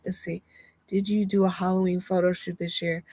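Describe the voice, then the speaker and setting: A young woman casually chatting on a live stream from inside her motorhome, animated and laughing often. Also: lowish voice, normal speed, dry recording. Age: young adult. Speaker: vlogger and oracle card reader.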